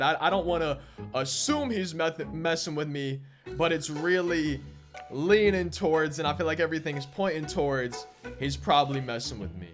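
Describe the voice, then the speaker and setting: A man's voice: on the high side, fairly bright tone. A young man casually telling a long story while opening packs in a video game, rambling and amused, often repeating words as he goes. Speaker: gaming YouTuber.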